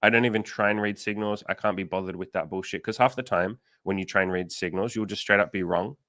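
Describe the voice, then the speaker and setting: A man's voice: lowish voice, fast talker, fairly bright tone, no room sound. A man hosting a casual livestream as a dating coach, blunt and swearing casually, acting out the people he quotes.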